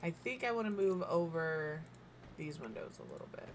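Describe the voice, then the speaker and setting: Low-pitched and full of big pitch swings, this woman's voice moves at a normal speed over slight background noise. She's a game builder streamer in her thirties, chatting casually mid-meal while building, thinking out loud and joking at her own expense, now and then with her mouth full.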